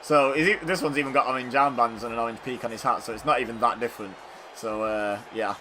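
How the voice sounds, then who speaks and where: A man's voice: medium pitch, fairly even intonation, fast, over music. A man casually commentating a wrestling video game, chatty and rambling, joking at his own expense. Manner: chatty, self-deprecating, rambling with fillers. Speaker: gaming YouTuber.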